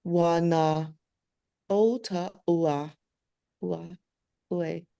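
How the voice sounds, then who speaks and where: Woman student, low warm voice, slow and unsure, dry sound. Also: steady tone, creaky, clear, resonant tone, no echo. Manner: hesitant, self-deprecating, sounds words out syllable by syllable. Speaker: language student. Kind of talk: practising pronunciation in a lesson.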